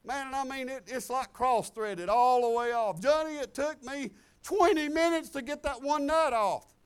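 A male pastor preaching a sermon, telling personal stories in an animated, exclamatory way. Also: extremely high pitch, moderate pace, clear, resonant tone. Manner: animated, exclamatory, chuckling storyteller.

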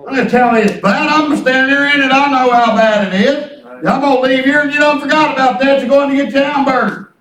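Older preacher, high voice, folksy storyteller, roomy church heard from far off. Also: male voice, a little fast, a bit bright. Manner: folksy storytelling, drops to low mutters for asides. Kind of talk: sermon.

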